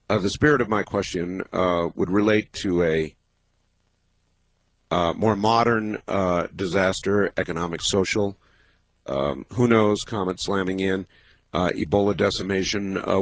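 A man hosting a late-night call-in radio show, talking in a measured, halting way with many pauses. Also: lowish voice, dry recording. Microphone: studio microphone.

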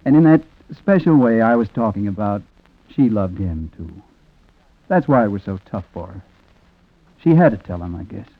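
An actor narrating a 1940s radio drama as a reflective man, quiet and rueful. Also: lowish voice, animated, normal speed, no room sound. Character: reflective man telling a sad story. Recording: tinny old radio recording with music.

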